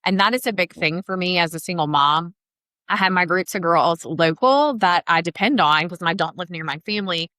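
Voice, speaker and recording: A woman's voice: on the low side, brisk, bright, forceful tone, dry recording. A woman with a Southern accent, co-hosting a podcast in upbeat, chatty talk full of fillers. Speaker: podcast co-host, travel advisor. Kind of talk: casual podcast chat.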